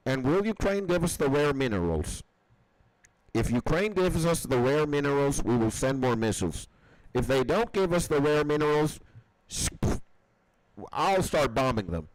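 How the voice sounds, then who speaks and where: A man's voice: fairly high pitch, very animated, measured pace, long pauses, no echo, low-quality recording. A man mocking a smug scheming politician. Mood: mock sinister. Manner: mocking, offhand.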